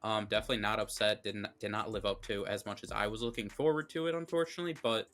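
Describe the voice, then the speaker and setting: A man's voice: lowish voice, fairly even intonation, fast talker, fairly bright tone. A man co-hosting a movie review show, chatting casually and giving blunt, opinionated takes full of fillers.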